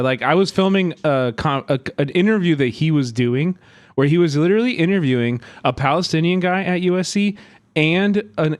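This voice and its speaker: A man's voice: fairly high pitch, no room sound. A man streaming live, telling a story in an agitated, profane way that rambles with many fillers.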